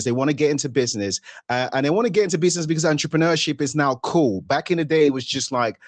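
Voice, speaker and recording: A man's voice: on the high side, no room sound. A man hosting an interview show, chatting and asking questions in a loose, conversational way. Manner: chatty, with frequent fillers and restarts. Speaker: host and entrepreneur.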